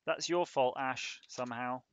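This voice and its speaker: A man's voice: medium pitch, unhurried, smooth, dry recording, muffled recording. A man on a casual live stream, rambling and joking while he thinks aloud about a hardware design.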